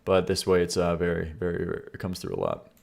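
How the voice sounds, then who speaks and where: A man's voice: low-pitched, sing-song, fast talker, creaky, very noisy. Blunt young man reacting on stream. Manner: blunt, joking, reads chat aloud and argues with it. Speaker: streamer reviewing viewer song submissions. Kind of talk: casual live-stream reaction chat.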